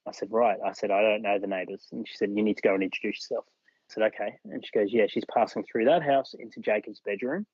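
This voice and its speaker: Fast and fairly even in intonation, this Australian man's fairly low voice is darkish and husky. He tells a personal story as a podcast guest, acting out what people said, in dull audio without echo.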